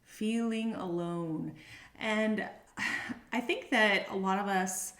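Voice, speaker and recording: A woman's voice: mid-range voice, a bit bright, slight background noise. Chatty woman doing a tarot reading. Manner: chatty and meandering, thinking aloud. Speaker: tarot reader. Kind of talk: casual tarot reading to camera. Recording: roomy echo.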